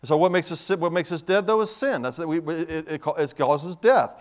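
A man's voice: fairly high pitch, brisk. Dynamic man preaching, voice rising and falling. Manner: dynamic, swings from soft to loud, many restarts. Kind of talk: sermon.

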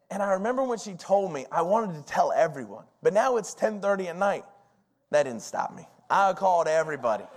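A pastor in his forties preaching a sermon, telling personal stories in an animated, folksy way. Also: fairly high pitch, vocal fry.

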